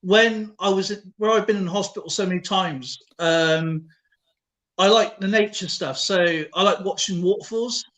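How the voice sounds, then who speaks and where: A man with a fairly high voice chats casually on a live stream. He rambles and hesitates, filling gaps with ums and uhs. He is heard over a video call from home. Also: normal speed, a bit bright, rough recording. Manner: rambling, hesitant with many fillers. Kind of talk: casual chat.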